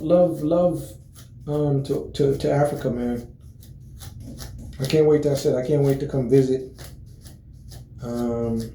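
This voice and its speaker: A man talking casually to his viewers in a relaxed, rambling way, full of fillers and restarts. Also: on the high side, roomy sound, slight background noise, poor audio. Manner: relaxed, friendly greetings. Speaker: vlogger. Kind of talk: casual chat to camera.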